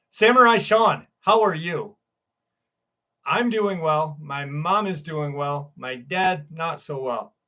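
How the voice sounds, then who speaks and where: A man with a voice a touch higher than usual hosts a casual live stream. He greets viewers by name and reacts to their comments in loose, chatty talk with the odd curse and plenty of laughs. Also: expressive, slow pace, pauses often, bright, forceful tone.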